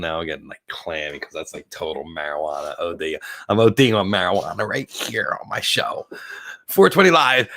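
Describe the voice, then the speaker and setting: Fifty-something male host, lowish voice, chatting loosely on a porch, stoned and drifting. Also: bright, forceful tone. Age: 50s. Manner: rambling, giggly, stoned and slowing down. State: very high on cannabis. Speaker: livestream host. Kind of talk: casual live-stream chat. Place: outdoor porch.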